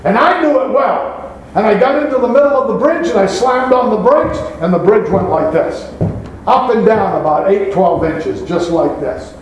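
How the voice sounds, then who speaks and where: A pastor, a man with a notably high-pitched voice, delivers a sermon. He reads scripture aloud and keeps turning to the congregation with rhetorical questions. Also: lively intonation, moderate pace, dull audio, slight background noise.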